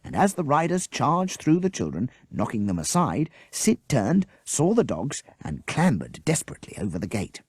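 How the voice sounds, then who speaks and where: A man reading a children's adventure audiobook aloud, with very animated, character-driven narration. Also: medium pitch, normal speed, few pauses, slightly rough, no echo, clean studio sound. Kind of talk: storybook narration.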